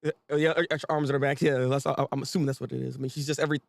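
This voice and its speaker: A young adult man giving live reaction commentary, animated and joking, laughing often and restarting his sentences. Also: mid-range voice, racing, vocal fry, dry recording. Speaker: manga reaction host.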